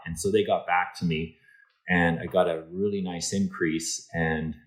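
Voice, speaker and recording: A man from Canada, a guest in an interview, telling a story with lively acted-out dialogue and many restarts. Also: deep voice, unhurried, poor audio. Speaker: interview guest, insurance executive.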